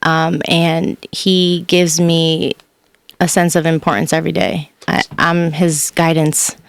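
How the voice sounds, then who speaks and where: Slow-speaking woman podcast guest. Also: deep voice, flat delivery, gravelly, clear, resonant tone, dry recording. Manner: candid, reflective, laughs often. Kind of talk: casual conversation.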